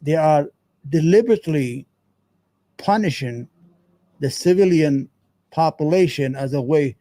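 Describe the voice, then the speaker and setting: A man's voice: on the high side, normal speed, dark tone, dry recording. A man hosting a show, giving heated, profane, rambling commentary on a news clip. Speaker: show host.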